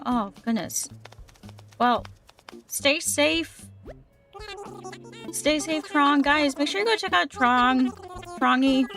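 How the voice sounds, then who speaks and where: A woman's voice: high-pitched, fairly bright tone, dry recording. A young woman livestreaming a game, chatting casually and upbeat with her viewers, sometimes tripping over her words. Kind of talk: casual chat with live chat while gaming.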